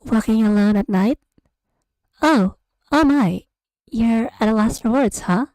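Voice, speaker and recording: A woman plays a flirty night stranger who teases in a high, coy voice as whispered role-play. The voice is lifted well above her own and pushed forward. Her sound is close and dry on a desk mic. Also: unhurried, darkish tone, no room sound, lightly acted, low-quality recording. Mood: teasing. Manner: coy, teasing. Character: flirty teasing woman walking in heels at night. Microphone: USB desk microphone.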